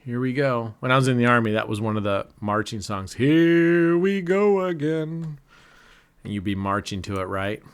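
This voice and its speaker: A man's voice: lowish voice, level tone, fast, hardly any pauses, a bit bright, clear, resonant tone. A middle-aged man giving casual, joking live commentary on his casino session, laughing often and cheering or groaning at each spin. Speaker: casino vlogger.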